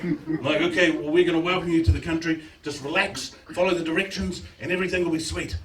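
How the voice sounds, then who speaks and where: A man with a New Zealand accent doing live stand-up comedy, loud and animated, breaking into shouted bits. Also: fairly high pitch, fast. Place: small live event venue with audience. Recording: echoey room, far from mic, loud crowd.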